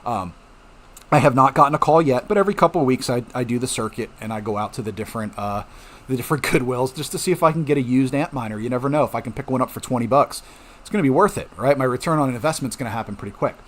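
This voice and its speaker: This middle-aged home mining channel host speaks fast in an expressive, mid-range voice with a fairly bright tone. He explains things casually and reassuringly, chatting with viewers, frequently asking "okay?", and occasionally coughing.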